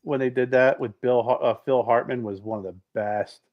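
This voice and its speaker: A middle-aged man co-hosting a podcast in casual chat, telling rambling, animated stories with many restarts. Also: mid-range voice, moderate pace, dull audio. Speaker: podcast co-host.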